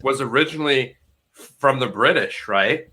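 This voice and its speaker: A man's voice: medium pitch, measured pace, sharp tone, low-quality recording. A man with a Boston accent, co-hosting a casual livestream and talking in a blunt, profane, emphatic way.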